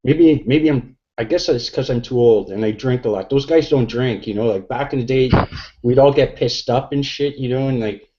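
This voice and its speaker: A middle-aged man, a few beers in, rambles crudely through a casual podcast chat, leaning on fillers. His voice is dark and mellow. The sound is dull and lo-fi, like an online call. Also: mid-range voice, moderate pace. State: tipsy from drinking beer. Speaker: podcast guest.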